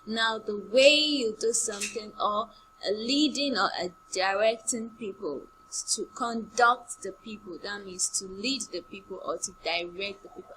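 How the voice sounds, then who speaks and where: Female primary English teacher, drills vocabulary at a slow deliberate pace, faint hum on the recording. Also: medium pitch, sharp tone, rough recording. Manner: slow, drilling words by repetition with example sentences. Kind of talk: online class lesson.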